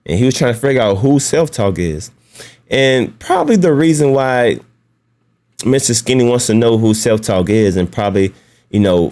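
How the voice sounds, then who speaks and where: A man's voice: on the low side, a little mellow. A man hosting a casual commentary video, talking bluntly and mockingly, often breaking into laughs. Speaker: YouTube commentary host.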